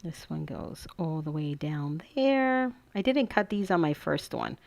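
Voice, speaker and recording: A woman hosts a relaxed crafting tutorial, talking her viewers through each step. Her voice sits a bit low for a woman, and she chats and gushes freely, thinking aloud as she works. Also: a little slow, vocal fry, dry recording. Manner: chatty and gushing, thinks aloud.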